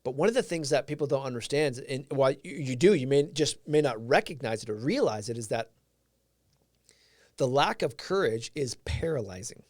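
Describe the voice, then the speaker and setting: A man's voice: medium pitch, lively intonation, moderate pace, a little mellow, no room sound, studio quality. A man whose first language is Portuguese, hosting a live stream and giving an earnest, reflective motivational talk while answering viewers' comments.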